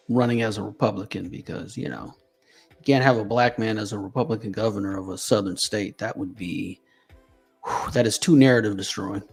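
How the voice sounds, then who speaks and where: A man's voice: fairly low pitch, darkish tone, breathy edge. A man hosting with wry, offhand asides in casual chat.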